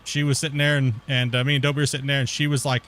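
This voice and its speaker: A gaming streamer tells a rambling, slangy story mid-game, calling people dude and bro. His medium-pitched voice races along in a flat, somewhat bright delivery, with a little hiss or hum.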